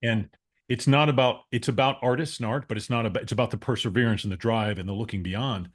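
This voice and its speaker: A man's voice: medium pitch, fast. A man hosting an interview podcast, talking casually and repeating words as he gathers his thoughts. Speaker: podcast host.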